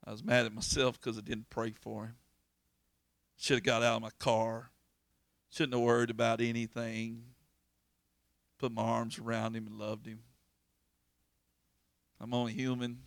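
A man with a gravelly, medium-pitched voice preaches an informal storytelling sermon, sharing a personal story. He comes across folksy and earnest, repeating words and restarting, in a dry recording.

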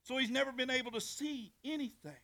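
A male pastor preaching a sermon in a folksy, animated way, often restarting his phrases. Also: extremely high pitch, fast, gravelly.

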